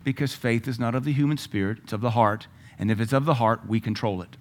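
A middle-aged man delivers a sermon in a voice of ordinary middle pitch. He preaches emphatically and climbs into loud, pointed bursts when he quotes scripture. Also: fast talker.

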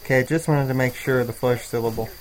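A man's voice: medium pitch, steady tone, quick pace, low-quality recording. A man co-hosting a comedic chat show, tossing in dry sarcastic one-liners. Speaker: co-host.

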